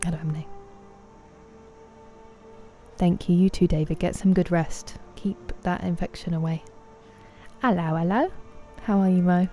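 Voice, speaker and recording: A chatty young woman live-streaming a game, greeting her viewers by name with playful banter. Her voice is low and mellow, and faint game music sits underneath. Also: normal speed. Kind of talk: casual live-stream chat while gaming.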